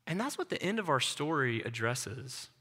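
A man's voice: mid-range voice, sing-song, moderate pace, pushed and bright, slightly rough, long reverb tail. A man preaching a sermon as a pastor, talking in an earnest, conversational way and mixing in personal stories. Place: church.

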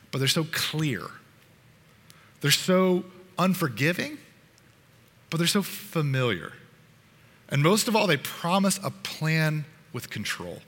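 Brief: male preacher, earnest storytelling, bright tone, long hall reverb. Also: mid-range voice. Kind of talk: sermon narrating a parable in second person.

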